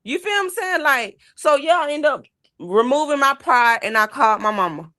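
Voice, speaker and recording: Young woman guest, blunt and heated, bright and fairly high voice, dry sound. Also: sing-song, moderate pace, no room sound. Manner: blunt, heated, heavy swearing. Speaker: livestream guest telling her story. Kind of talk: casual livestream chat.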